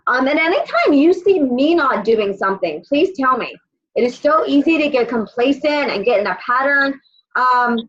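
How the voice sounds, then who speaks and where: A woman's voice: high-pitched, a bit bright, slightly rough, highs cut off. A woman leading a casual motivational call for her sales team, blunt and swearing as she gives tough love.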